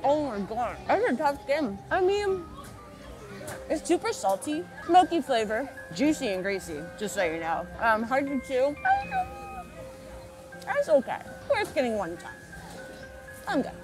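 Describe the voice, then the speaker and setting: A woman's voice: high-pitched, very animated, unhurried, long pauses, music in the background, low-quality recording. A woman vlogging outdoors at a theme park, chatting casually while eating, talking with her mouth full. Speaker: vlogger taste-testing food. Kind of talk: casual vlog chat.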